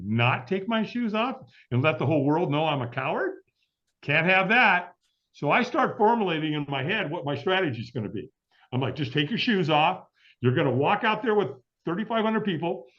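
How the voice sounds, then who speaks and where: A middle-aged man telling a long story as an interview guest, acting out the voices of the people in it. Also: a little high. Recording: dull lo-fi audio.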